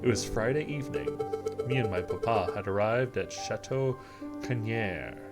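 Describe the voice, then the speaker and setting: A man voicing a pampered young noblewoman held in prison, speaking in a high, giggly voice over loud game music. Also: normal speed, natural voice. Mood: chatty.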